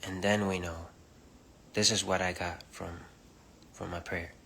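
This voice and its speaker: A very deep, gravelly man shares a spiritual message on a live stream, soft-spoken and halting, with a bright edge to his tone. His delivery stays flat and even, and a faint hiss of room noise sits under it. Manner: soft-spoken, halting, many pauses and fillers; switches between English and Spanish. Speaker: preacher on a livestream. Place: home livestream. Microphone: phone or webcam.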